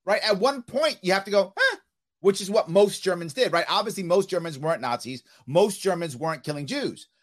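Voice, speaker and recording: A male podcast host talking in a casual interview, opinionated and keen to make his point. His slightly high voice rises and falls a lot as he talks. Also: brisk, hardly any pauses. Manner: animated, opinionated, repeats "right?".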